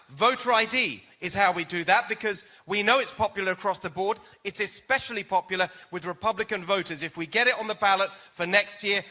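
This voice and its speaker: A man's voice: high voice, bright, forceful tone. A man with a British accent answering a debate question as a political candidate, with emphatic stump-speech delivery.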